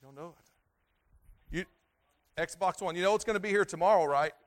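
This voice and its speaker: A man preaching a sermon, repeating himself and restarting phrases, swinging between loud stresses and quiet, low endings. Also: moderate pace. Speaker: pastor.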